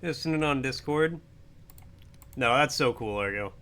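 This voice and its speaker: A young man streaming a game, chatting playfully and breaking into mock-heroic shouts. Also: medium pitch, a little slow, smooth. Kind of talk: casual gameplay commentary.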